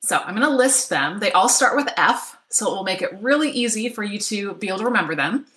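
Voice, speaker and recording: A woman's voice: mid-range voice, expressive, quick pace, fairly bright tone, echoey room. A middle-aged woman coaching an online workshop, upbeat and chatty, often checking in with "right?". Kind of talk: live online workshop talk. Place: home office.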